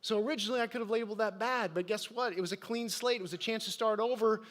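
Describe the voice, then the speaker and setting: High-voiced man telling stories on stage. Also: fast, a bit bright. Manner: storytelling with audience questions. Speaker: motivational speaker. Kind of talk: live stage talk to an audience. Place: event stage.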